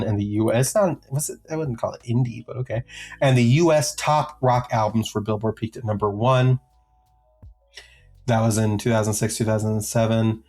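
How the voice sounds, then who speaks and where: A man's voice: mid-range voice, a little mellow. Guy on a music podcast rattling off chart numbers, lots of ums, goofy asides, some music under it. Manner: jokey, rambling, many filler ums. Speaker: podcast co-host. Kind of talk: casual chat, reading out chart positions.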